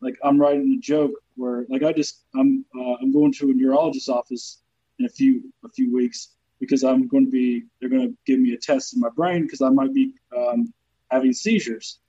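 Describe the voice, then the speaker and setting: A man's voice: mid-range voice, moderate pace, mellow, husky, highs cut off. A young man, a comedian, telling stories casually with a lot of swearing and jokes about his own troubles. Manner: profane storytelling, joking about his troubles. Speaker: comedian guest. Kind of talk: casual podcast chat.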